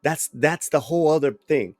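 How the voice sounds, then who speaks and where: A man hosting a commentary channel, reacting to a clip in a blunt, animated way, swearing and repeating himself. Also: a little high, moderate pace, no room sound.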